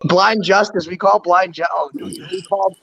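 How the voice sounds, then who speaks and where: A man hosting a casual talk show, retelling prank calls in an animated way and laughing easily. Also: high-pitched, normal speed, gravelly. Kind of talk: casual storytelling banter. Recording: dull lo-fi audio.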